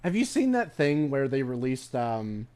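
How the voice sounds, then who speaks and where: A man streams a game with a warm, clear, resonant medium-pitched voice, very animated yet unhurried. His casual commentary rambles and is profane, and he often restarts his sentences.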